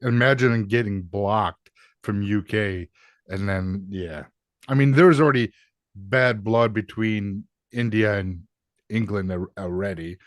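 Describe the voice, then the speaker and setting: A man's voice: lowish voice, a little slow, dry recording, studio quality. A man co-hosting a podcast, casual and joking, with plenty of swearing. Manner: joking, profane, riffing. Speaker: podcast co-host. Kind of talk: casual gaming podcast chat.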